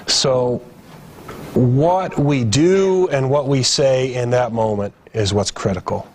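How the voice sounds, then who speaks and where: A man's voice: medium pitch, slow, darkish tone, a little hiss or hum. A man giving a grief training lecture to emergency staff, talking casually and acting out family members' words with his voice raised. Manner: conversational, acts out family members' lines in raised voice. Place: training room.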